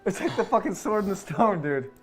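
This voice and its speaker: A man streamer joking and chatting excitedly with friends, swearing often. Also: high voice, a little fast, faint music behind. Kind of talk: casual chat.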